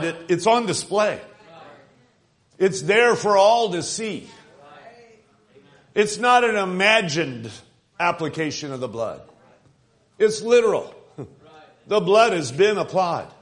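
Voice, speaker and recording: A man's voice: sits high, fairly bright tone. A man preaching a sermon with emphatic delivery, repeating words and calling to his listeners as friends.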